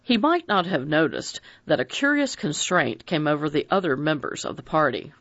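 A narrator reading a mystery novel aloud in an expressive, dramatic audiobook style. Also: medium pitch, normal speed, dry recording. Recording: dry dull lo-fi recording.

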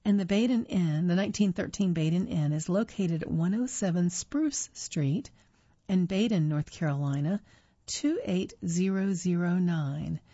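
Low, husky woman reading articles aloud. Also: dark tone, no echo. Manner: unpolished reading with self-corrections and fillers. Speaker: reader of magazine articles. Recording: dull lo-fi dry recording.

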